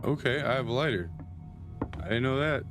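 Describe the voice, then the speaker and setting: A man's voice: medium pitch, a little fast, over music. A young man casually commenting while streaming a game, laid-back with joking asides.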